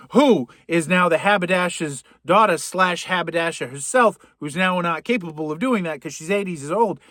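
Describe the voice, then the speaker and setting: A man with a Boston accent rants through a comedic movie recap, sarcastic and profane. His voice sits a bit high. The recording is dry and close. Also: a bit bright, no room sound. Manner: sarcastic, profane, rambling asides. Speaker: podcast host.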